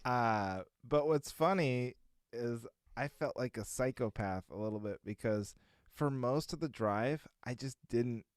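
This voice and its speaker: A man's voice: medium pitch, unhurried, clean tone, dry recording, studio quality. A man co-hosting a podcast in casual chat, rambling with frequent fillers and chuckles. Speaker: podcast co-host.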